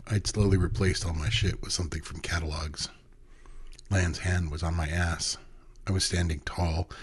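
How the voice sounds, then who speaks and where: A man narrating a first-person story in an intimate, hushed way, often dropping to a whisper. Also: extremely low pitch, husky.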